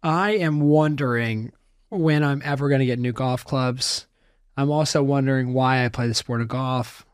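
A man's voice: medium pitch, fairly even intonation, moderate pace, clean tone. A man with a mid-range voice co-hosts a laid-back sports chat, close to a dry mic. He asks questions and muses aloud in an easygoing way. There is no room echo. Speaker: podcast co-host.

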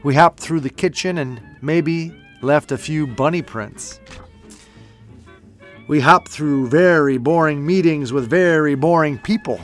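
A man narrating a children's storybook in a gentle, playful read-aloud. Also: on the high side, unhurried. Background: faint music.

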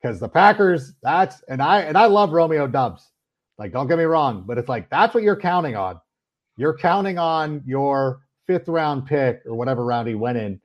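A man's voice: on the high side, expressive, normal speed, dull audio. Rambling self-mocking male podcast host. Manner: rambling, self-deprecating storyteller. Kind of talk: casual sports chat.

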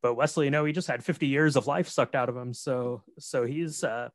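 A man's voice: mid-range voice, brisk, dry recording, studio quality. Laid-back man recapping a movie. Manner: relaxed, rambling with many fillers. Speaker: podcast co-host. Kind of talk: casual movie recap chat.

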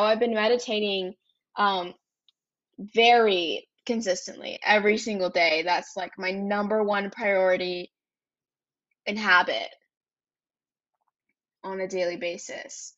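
A woman's voice: medium pitch, a little slow, a bit bright, dull audio. A young woman in her twenties hosting a podcast, telling a personal story in a candid, chatty way, swearing freely and tagging her sentences with "like" and "right?". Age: 20s. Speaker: podcast host.

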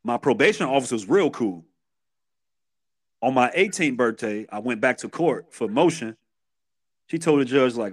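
A man's voice: medium pitch, moderate pace. Streetwise Chicago man telling his story. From Chicago, USA. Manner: streetwise, animated retelling with repeated restarts. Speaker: podcast guest. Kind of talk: candid storytelling interview.

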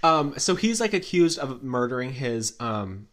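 A podcast co-host telling celebrity gossip in a casual, dramatic way, full of fillers and asides. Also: male voice, mid-range voice, very animated, a little slow, background noise. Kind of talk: casual pop culture gossip chat.

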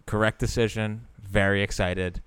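Low, smooth-voiced man on a sports podcast. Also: fairly even intonation, normal speed, fairly bright tone, no echo. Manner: wry, repeats words while thinking. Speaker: podcast co-host. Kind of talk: casual sports podcast chat.

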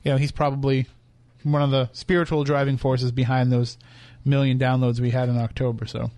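A man's voice: mid-range voice, flat delivery, fairly quick, darkish tone, dry recording. A man hosting a radio show from a studio, chatting casually with his co-host and laughing often. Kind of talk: casual on-air banter. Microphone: studio microphone.

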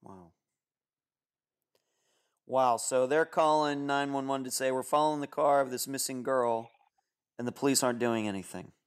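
Smooth-voiced male interviewer. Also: medium pitch, steady tone, moderate pace, long pauses. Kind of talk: interview questions.

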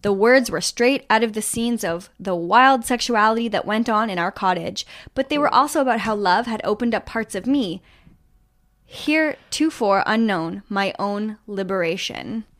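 A woman host telling a band's story in a casual chat, animated, with fillers and trailing asides. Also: medium pitch, normal speed. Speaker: podcast host.

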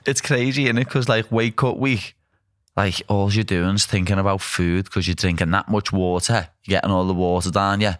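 Very deep-voiced young man, blunt rambling chat, dry close sound. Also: steady tone, moderate pace, fairly bright tone, no echo. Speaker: pro fighter. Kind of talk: casual chat.

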